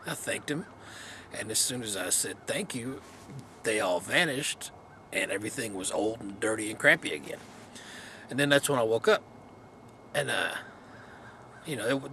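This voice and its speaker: A man's voice: medium pitch, bright, forceful tone. A man vlogging outdoors in the cold wind, casually telling a story in a rambling, laid-back way with many fillers.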